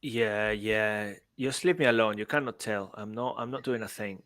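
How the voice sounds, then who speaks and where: A man's voice: fairly low pitch, normal speed, a bit bright. Playful joking male co-host. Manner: jokey, playful, laughs easily. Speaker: podcast co-host. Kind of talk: podcast interview.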